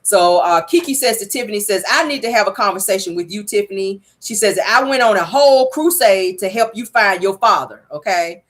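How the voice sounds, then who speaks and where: Sassy female host, gossipy recap delivery, very lively pitch. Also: brisk, few pauses. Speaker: reality show reviewer. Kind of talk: casual recap commentary.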